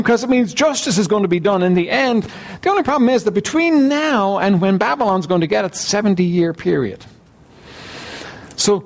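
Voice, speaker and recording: A pastor with a fairly high-pitched voice reads scripture and then explains it. He delivers it earnestly, clearing his throat now and then.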